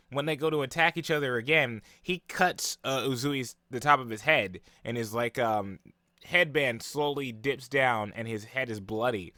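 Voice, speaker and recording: A young man talks through an anime episode in a loose, rambling way, full of "um" and "like." His voice is bright and forward, recorded close and dry, at a middle pitch. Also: no room sound. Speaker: anime reaction vlogger. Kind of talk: casual reaction and analysis.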